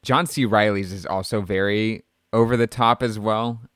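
A man's voice: lowish voice, steady tone, normal speed, fairly bright tone, clean tone, dry recording, clean studio sound. A man talking casually and animatedly about a film, with lots of fillers.

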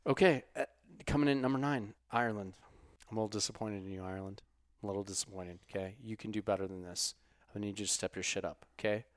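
A man hosting a podcast, swearing freely as he chats. He drops to quiet mutters and then erupts into loud outbursts. The sound is dry and close, with no room around it. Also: on the low side, fairly even intonation, quick pace, dry recording. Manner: profane, swings from muttered asides to loud outbursts. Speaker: podcast host. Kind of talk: casual podcast chat.

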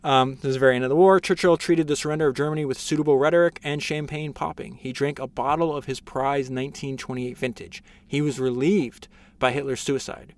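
A man's voice: mid-range voice, steady tone, fast talker. A man hosting a casual podcast, summarizing a biography with enthusiasm, reading passages aloud with frequent fillers and restarts. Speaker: podcast host.

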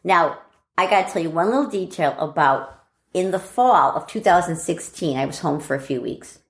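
A woman's voice: fairly low pitch, moderate pace, reverberant. A middle-aged woman casually telling a family story, acting out what relatives said. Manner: animated, acts out family members' lines.

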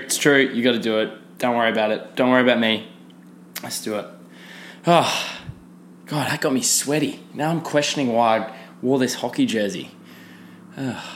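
A man's voice: mid-range voice, a bit bright, a little hiss or hum. Rambling young man ranting. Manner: casual, rambling, frequent fillers and restarts. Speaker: podcast host. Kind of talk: solo podcast rant.

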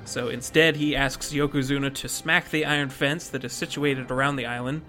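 Bright-voiced man recapping a story. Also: medium pitch, steady tone, moderate pace, soft background music. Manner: laughs often, reads recap points between jokes. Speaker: podcast host recapping a manga. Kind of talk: casual chat, reading plot summary.

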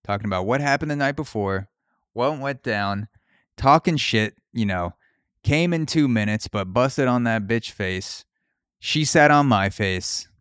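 A man's voice: medium pitch, expressive, a little slow, fairly bright tone, clear, resonant tone, no room sound, studio quality. A young man hosting a comedy podcast, ranting crudely and riffing through mock voices for his bits. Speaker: podcast host.

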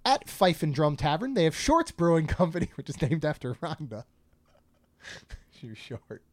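A man's voice: fairly high pitch, very animated, measured pace, no echo. A man co-hosting a casual podcast, chatting and joking while reading out a food menu. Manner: chatty, jokey, reads menu items aloud. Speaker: podcast co-host.

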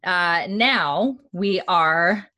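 A woman with a fairly low voice chats casually on a podcast. She recaps a TV episode as an animated storyteller who swears casually. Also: drawn-out words.

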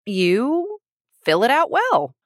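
A woman's voice: on the high side, huge pitch swings, slow pace, no echo, full character voice. A woman playing a bored sardonic knife-thrower. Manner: dry and sardonic. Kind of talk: improvised tabletop role-play.

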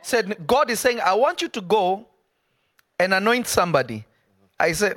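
A man delivers a live sermon in a high voice, emphatic and conversational, often breaking off into quick asides to his listeners. The sound is dry and close. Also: expressive, fairly bright tone, dry recording. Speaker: preacher.

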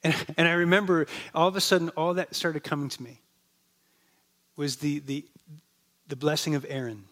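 A man preaching a sermon with a slightly high voice, telling stories in a relaxed, conversational way. He slows down and softens on the words he wants to land. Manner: conversational storytelling, drops soft and slow on key words. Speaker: pastor. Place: church.

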